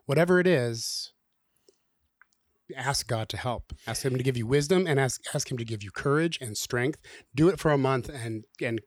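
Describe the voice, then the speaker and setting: Male co-host, mid pitch, exhortative and warm-humored, close dry mic. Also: moderate pace, no room sound. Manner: encouraging, exhortative, lightly joking. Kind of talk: casual podcast conversation.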